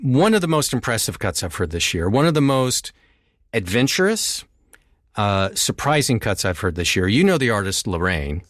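A man's voice: very animated, moderate pace, a bit bright, no echo. A man hosting a radio music show, chatting enthusiastically and casually about songs with a guest. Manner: enthusiastic, conversational, shifting pitch. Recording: dry studio sound.

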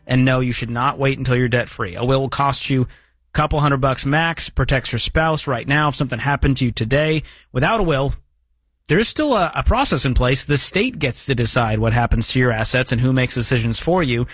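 A man's voice: mid-range voice, brisk, fairly bright tone, slightly rough, dry recording. A man hosting a call-in radio show, upbeat and joking as he reads out listener questions and talks with callers. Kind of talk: casual call-in radio talk. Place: radio studio.

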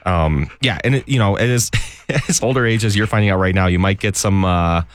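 A man's voice: fairly low pitch, brisk, soft background music. A man from an animal shelter chatting on a radio show, upbeat and chatty, laughing often. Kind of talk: casual radio chat.

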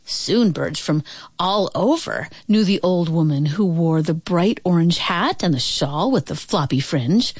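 A woman reading a children's picture book aloud on the radio, expressive and sing-song. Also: lowish voice, unhurried, slightly rough, no echo. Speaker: storyteller.

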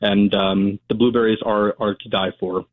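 A man's voice: on the low side, level tone, normal speed, no room sound, phone-quality sound. A man in casual chat, agreeing and adding short remarks. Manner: agreeable, brief replies.

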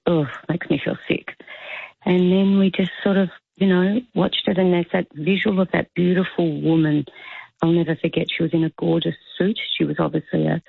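A woman's voice: sits low, vocal fry, husky, no room sound. A woman calling in to a radio show, telling a story in a chatty, emotional way. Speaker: caller. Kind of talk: phone-in call to radio. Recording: tinny phone line.

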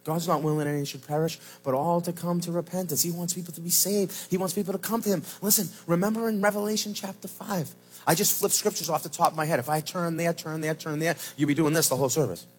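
A man pastor preaching a sermon at a church service, swinging from shouted lines to low, slow emphasis. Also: fairly even intonation, husky.

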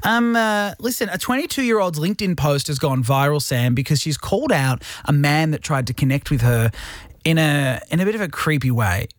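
A man's voice: on the high side, expressive, moderate pace, dry recording. An Australian man hosting an afternoon radio show, chatty and teasing, laughing easily with his co-host and callers. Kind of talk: casual radio banter. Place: radio studio.

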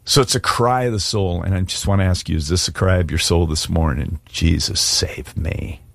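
A man's voice: low-pitched, expressive, a little fast, gravelly, no echo. A middle-aged man preaching a sermon and making an earnest, pleading altar call. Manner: earnest, pleading, shifts from hushed prayer to emphatic. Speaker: pastor.

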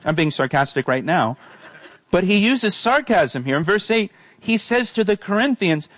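A man preaching an earnest sermon, repeating his phrases and pressing his points. His voice sits a little high for a man. The sound is dry and close. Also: very animated, normal speed, a bit bright, no echo. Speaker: pastor.

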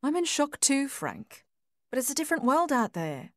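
A woman's voice: high-pitched, big pitch swings, moderate pace, no room sound, clean studio sound, voice pushed up. A woman doing an earnest young wife. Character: hopeful young Australian farm wife.

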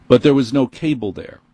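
Husky, indignant New York radio host. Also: male voice, medium pitch, no echo. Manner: indignant, animated storytelling. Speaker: radio talk show host. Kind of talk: call-in talk radio monologue. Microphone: studio microphone.

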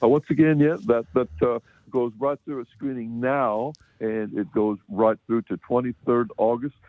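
A man's voice: mid-range voice, steady tone, normal speed, dry recording. American man reviewing films over a phone line. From United States. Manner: rambling, chuckling, many restarts. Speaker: film reviewer. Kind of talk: casual radio film review. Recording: dry phone-line sound.

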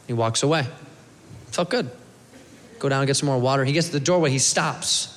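A man's voice: medium pitch, fast, pauses often. A man in his thirties telling a rambling stand-up story on stage, slipping into voices for the people in it. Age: 30s. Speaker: stand-up comedian. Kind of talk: stand-up comedy set. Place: comedy club stage. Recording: live club recording with hall reverb, crowd and noise. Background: laughing audience.

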